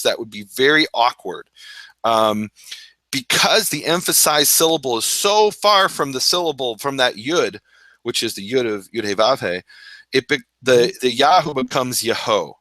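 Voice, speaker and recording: Bright-toned storytelling man. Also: medium pitch, no room sound. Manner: animated, laughs often, acts out his own past words. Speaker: Hebrew scholar guest. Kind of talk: storytelling interview talk.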